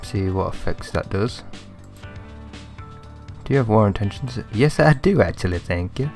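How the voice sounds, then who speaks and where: Gravelly young man gaming. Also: on the low side, normal speed, faint music behind. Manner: chatty, thinks aloud, gets excitable. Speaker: gaming commentator. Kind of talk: let's play commentary.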